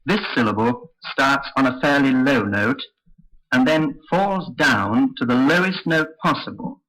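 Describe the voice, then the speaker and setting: A man teaching English intonation in a slow, careful, scripted lesson. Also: medium pitch, expressive, fairly bright tone, rough recording. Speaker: phonetics teacher. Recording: old lesson recording.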